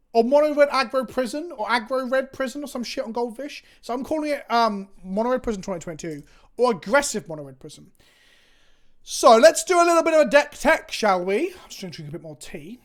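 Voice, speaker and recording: A man's voice: extremely high pitch, very animated, fairly quick. An English man chatting casually on a stream, rambling and swearing with self-mocking banter. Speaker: Magic card game content creator. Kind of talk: casual chat on a live stream.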